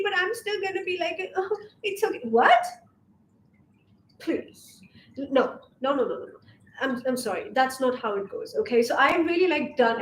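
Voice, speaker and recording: A young woman from Asia, coaching on femininity in a casual vlog monologue, sassy and emphatic, swearing freely. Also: high voice. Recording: roomy echo, faint background hiss.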